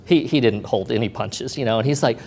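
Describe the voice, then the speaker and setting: A man's voice: mid-range voice, brisk, vocal fry. A middle-aged man telling a personal story to an audience, acting out the voices of the people in it. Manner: animated, acts out the voices of others in the story. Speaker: speaker sharing a testimony.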